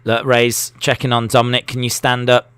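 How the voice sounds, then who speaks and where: A man's voice: medium pitch, monotone, normal speed, fairly bright tone, clear, resonant tone, no room sound. A man hosting a live wrestling watch-along, chatty and jokey, reacting aloud as he goes. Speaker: live stream host.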